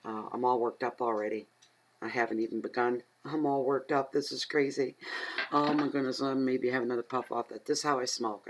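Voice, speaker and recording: A middle-aged woman from Atlantic Canada, a tarot reader who rambles and chats casually at home, talking aloud to herself and getting easily excited. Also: rumbling low, brisk, a little hiss or hum, poor audio. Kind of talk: casual chatty tarot reading.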